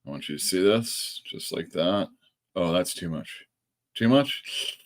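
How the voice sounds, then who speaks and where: A man's voice: sits low, animated, measured pace. A man from California hosting a casual live stream for his comic shop, chatting loosely and reading out viewer comments. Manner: chatty, reads out chat comments, laughs often.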